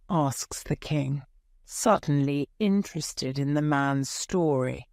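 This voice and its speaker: A woman reading a graded-reader story aloud in a clear, measured storytelling way. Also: extremely low pitch, fairly even intonation, a little mellow, no room sound, clean studio sound. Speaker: audiobook narrator. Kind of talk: scripted narration of a graded reader.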